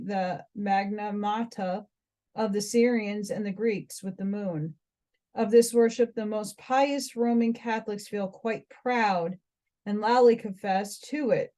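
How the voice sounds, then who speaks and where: An American woman reads an old esoteric text aloud at a steady mid pitch. She trips over unfamiliar words and restarts them before carrying on. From United States. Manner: stumbles over hard words, breaks off to comment. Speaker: reader. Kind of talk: reading a book aloud.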